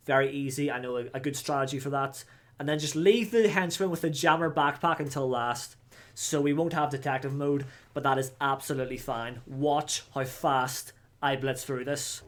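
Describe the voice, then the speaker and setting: A young man hosting a gaming channel, giving let's play commentary; excitable, he yells at the game and swears. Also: fairly high pitch.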